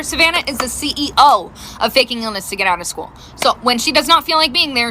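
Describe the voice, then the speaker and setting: A middle-aged woman telling funny stories about her life in a casual, animated way, laughing as she goes. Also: fairly high pitch, noisy background. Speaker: storyteller. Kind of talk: casual storytime.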